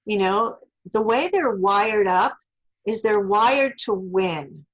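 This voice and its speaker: A woman's voice: mid-range voice, animated, takes it slowly, rough recording. A woman being interviewed as an author, explaining relationship advice through everyday examples and acting out what people say. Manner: explains through worked examples, acts out spoken lines.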